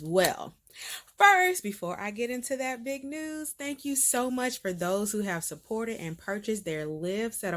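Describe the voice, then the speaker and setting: A woman's voice: medium pitch, fairly bright tone. A woman hosting her faith-based video series, giving a casual update straight to the camera. She talks in a bubbly, emphatic way, laughs often, repeats words for emphasis, and gets emotional enough that she is near tears.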